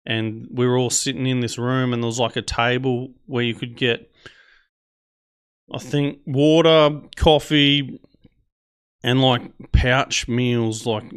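Smooth-voiced Australian man telling a story. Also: medium pitch, fairly even intonation, slow pace, fairly bright tone. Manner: laid-back, profane, chatty with frequent fillers. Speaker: podcast host. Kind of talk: casual storytelling.

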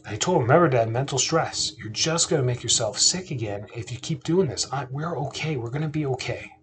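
A man's voice: mid-range voice, fairly quick, a bit bright. A man in his thirties, a podcast host, telling a personal family story in a casual chatty way, often restarting sentences and asking listeners rhetorical questions.

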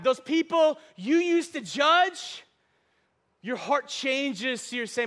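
High-voiced impassioned male preacher. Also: very animated, slow. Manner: impassioned, often shouting, with humor. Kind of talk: sermon.

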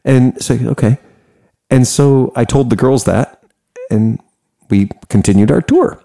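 An American man casually telling a story, animated and profane, laughing often. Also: mid-range voice, unhurried, gravelly. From United States.

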